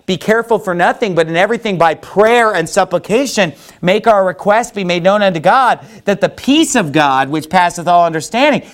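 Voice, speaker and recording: A man preaching in a loose, conversational way, rambling with many restarts and folksy asides. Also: high voice. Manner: rambling, folksy, heavy with "you know" and restarts. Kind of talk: conversational sermon.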